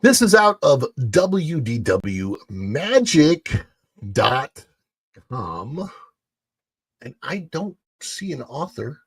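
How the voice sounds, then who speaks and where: A livestream host with a higher, breathy-edged voice chats with viewers very slowly and with long pauses, though he's very animated. He rambles between news stories, reading them aloud to chat, and there's no room sound.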